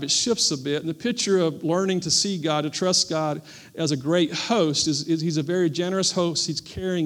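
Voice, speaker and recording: A male pastor preaching a sermon at a church service, repeating key phrases with emphasis and calling on the congregation to respond. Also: on the high side.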